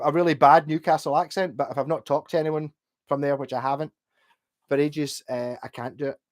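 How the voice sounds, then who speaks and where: A chatty man streaming from home late at night, a few drinks in and rambling cheerfully. He hops between topics, reads out viewers' messages and breaks into easy laughs as he goes. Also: on the high side. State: drunk. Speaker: livestreamer. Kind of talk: casual livestream chat, reading out chat.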